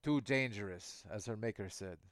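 A man doing a quiet, solemn henchman. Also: lowish voice, moderate pace, no room sound, studio quality, close to an everyday voice.

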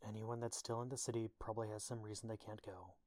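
A man's voice: lowish voice, little pitch movement, fast talker, darkish tone, no room sound, close to an everyday voice. A man voicing a tired, cautious young woman who speaks in a subdued, careful way, in a storybook audiobook.

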